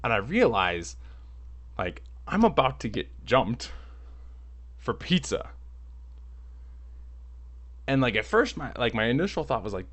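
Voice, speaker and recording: A man telling a personal story in a casual, rambling, animated way, filling his talk with "like", at home. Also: fairly low pitch, moderate pace, pauses often. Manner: rambling, animated, heavy use of "like".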